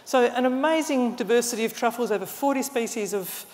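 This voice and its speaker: A woman's voice: a little high, fairly quick, darkish tone. Woman lecturing in a hall. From Australia. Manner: enthusiastic, explanatory, with small restarts. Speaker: mycologist giving a talk. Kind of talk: illustrated public lecture. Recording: long hall reverb.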